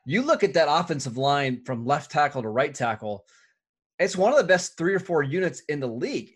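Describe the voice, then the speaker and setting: A man co-hosting a sports podcast, asking questions and giving his views in a steady, casual way. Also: fairly high pitch. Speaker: podcast co-host.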